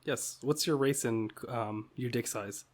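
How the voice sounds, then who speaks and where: A man's voice: mid-range voice, unhurried. Playful, teasing male podcast co-host. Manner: playful, teasing, laughs often. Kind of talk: casual chat.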